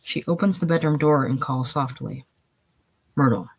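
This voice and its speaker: A reader reading stage directions aloud in a plain, matter-of-fact way, with a husky tone. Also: medium pitch, normal speed, rough recording.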